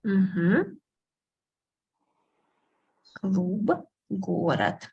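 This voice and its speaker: A woman from Russia, patiently teaching a beginner language class online and repeating words slowly for her students. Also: mid-range voice, lively intonation, slightly rough, muffled recording.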